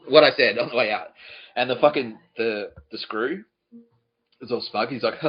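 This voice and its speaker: A man's voice: fairly low pitch, normal speed, dull audio. A man hosting a podcast, telling a profane comic story in a ranting voice and laughing at his own jokes. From Australia. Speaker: podcast host.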